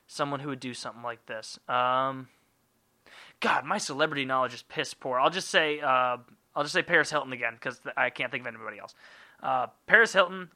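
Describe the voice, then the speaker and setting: A man's voice: mid-range voice, bright, forceful tone. A man hosting a podcast alone, rambling in a jokey, profane way. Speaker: podcast host. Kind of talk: casual solo monologue.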